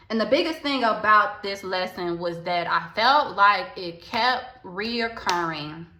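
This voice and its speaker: Woman, candid direct-to-camera storytime; bright tone, roomy echo. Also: mid-range voice. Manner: candid, repeats phrases for emphasis, addresses viewers directly. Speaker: vlogger, spiritual healer. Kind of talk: casual storytime monologue.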